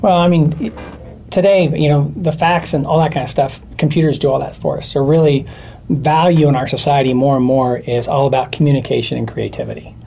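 A man appearing as a guest expert, explaining communication in a loose, animated way with many fillers. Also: on the high side, fairly quick, gravelly. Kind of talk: casual chat.

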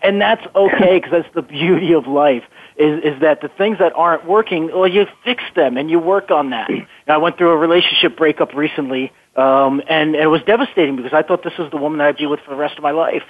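A man's voice: on the high side, brisk. A man telling his life story as an interview guest, earnest and often repeating words as he thinks. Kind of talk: phone-in radio interview. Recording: tinny phone line.

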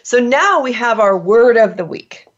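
A woman's voice: on the high side, animated, unhurried, lo-fi sound. A woman hosting a podcast in casual chat, playful and emphatic, laughing often. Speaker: host.

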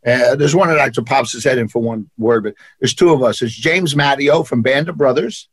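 A man's voice: mid-range voice, fairly quick, breathy edge, no echo. A man with a New York accent, an actor being interviewed, telling stories in an emphatic, punchy way and repeating phrases for effect. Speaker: actor and martial arts instructor, guest. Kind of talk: animated interview storytelling.

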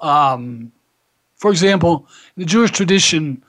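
Man, radio host, rabbi, storytelling, slightly high voice, dry close sound. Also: a little slow, no echo. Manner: warm anecdotal storyteller, animated when quoting others. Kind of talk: casual radio talk and storytelling.

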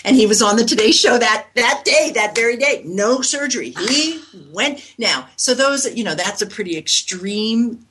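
A woman's voice: a little high, animated, normal speed, hardly any pauses, fairly bright tone, a little hiss or hum. A woman in her sixties from New York, a reflexologist telling stories in an interview, rambling with many fillers and restarts. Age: 60s. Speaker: guest reflexologist. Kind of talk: interview answers.

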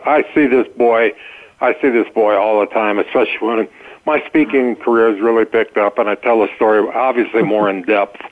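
An older man, a guest on a radio interview, telling his story in a relaxed way. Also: fairly low pitch, fairly quick. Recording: tinny phone-like line.

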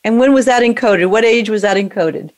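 A woman coaching someone through an emotional exercise, giving calm, directive prompts. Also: mid-range voice, fairly quick. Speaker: emotional brain training coach. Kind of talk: guided coaching session.

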